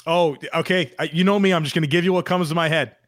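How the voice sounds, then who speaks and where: Upbeat male podcaster with a higher voice. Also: fairly even intonation, quick pace, no room sound, studio quality. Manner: upbeat, rattles off lists of numbers. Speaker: podcast co-host. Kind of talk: casual sports podcast chat.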